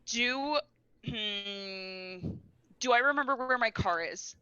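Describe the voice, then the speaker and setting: Brief: woman player, bright tone, hesitant and thinking aloud, dry slightly dull recording. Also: on the high side, takes it slowly, smooth, no room sound. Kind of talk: tabletop role-play.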